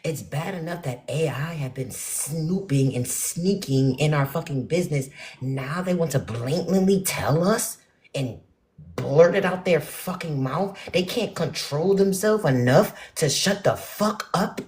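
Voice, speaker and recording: Woman, blunt profane rant, exasperated, lowish voice, animated pitch. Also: unhurried. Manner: blunt, profane, exasperated, swings loud and soft. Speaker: spiritual vlogger. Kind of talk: ranting casual monologue to viewers.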